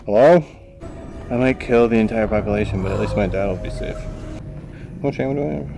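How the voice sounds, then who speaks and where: A tired man giving goofy gameplay commentary into a VR headset, with excitable outbursts between quiet mutters. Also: lowish voice, fairly quick, creaky, over music. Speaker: gamer.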